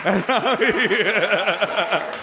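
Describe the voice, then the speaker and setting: Man, fairly high voice, podcast host, teasing quips, live audience clearly audible. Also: crowd noise. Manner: teasing, jokey, quick quips. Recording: live show with audience noise.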